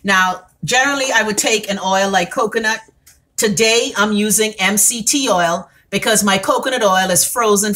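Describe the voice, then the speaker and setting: A woman's voice: on the high side, bright, forceful tone. A woman with a Bahamian accent hosting a casual live-stream wellness tutorial, talking bluntly, swearing freely and answering viewers' comments as she goes. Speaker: wellness vlogger.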